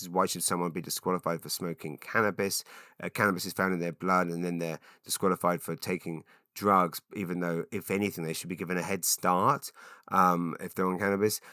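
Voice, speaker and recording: Middle-aged male podcast host, deep voice, bright forward tone, dry close sound, chatty and rambling. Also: no room sound. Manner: chatty, rambling, many ums and restarts. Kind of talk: solo rambling monologue.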